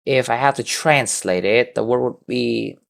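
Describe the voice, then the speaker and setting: A man leads an English lesson over a video call. He is patient and stretches key words out slowly so students can repeat after him. His voice sits at an ordinary pitch for a man. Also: gravelly, a bit bright. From Vietnam. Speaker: English teacher. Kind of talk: online class instruction.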